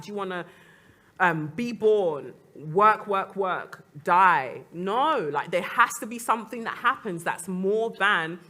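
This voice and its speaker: A woman's voice: medium pitch, pushed and bright. A young adult woman, a guest speaker on a panel, talking earnestly and reflectively, with laughs between her points. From Nigerian descent. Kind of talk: panel talk.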